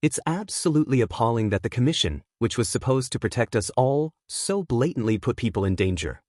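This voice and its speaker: An indignant female news anchor reporting live, as a male narrator reads her. The reading keeps a middle pitch and a dry, close sound. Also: animated, fairly quick, darkish tone, dry recording, natural voice.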